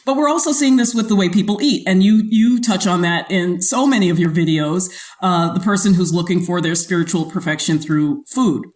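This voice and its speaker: A woman's voice: lowish voice, fairly quick, a little mellow. A woman hosting an interview in casual chat, talking freely and laughing often, with many restarts. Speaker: podcast host.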